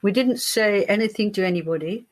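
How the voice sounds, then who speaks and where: An older woman, a writer giving a guest interview, telling animated stories and acting out the voices of people she quotes. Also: mid-range voice, fairly quick. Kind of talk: storytelling in an interview.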